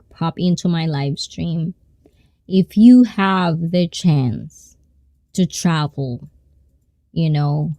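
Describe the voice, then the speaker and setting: Woman, unhurried rambling live-stream chat, mellow tone, dry close sound. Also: lowish voice, no echo. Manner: rambling, conversational.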